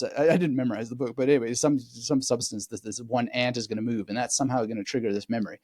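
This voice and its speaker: A man speaking as a guest memory expert in a conversational interview, animated and digressive, often laughing as he explains. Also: medium pitch, fast, few pauses, no echo, studio quality.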